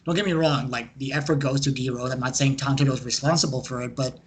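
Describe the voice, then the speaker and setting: A young man co-hosting a sports podcast, chatting casually in a joking, animated way and swearing freely. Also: medium pitch, fast talker, husky. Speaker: podcast co-host.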